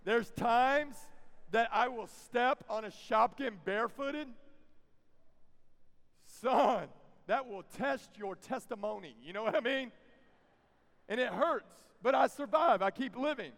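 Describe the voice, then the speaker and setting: A man preaching a sermon to a youth camp crowd, moving from quiet teaching to loud, emphatic preaching with folksy asides. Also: extremely high pitch, a little slow, vocal fry. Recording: long reverb of a large hall.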